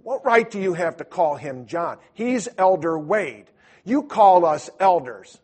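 A man voicing an indignant young male missionary companion who speaks in a snippy, sharp way. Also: sits high, lively intonation, a little slow, slightly rough, pitched above the performer's own voice, heavily acted.

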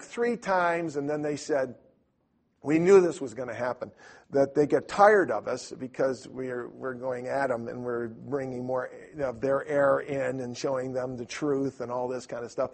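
An older man telling a story casually, rambling and animated, with lots of restarts. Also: a little high.

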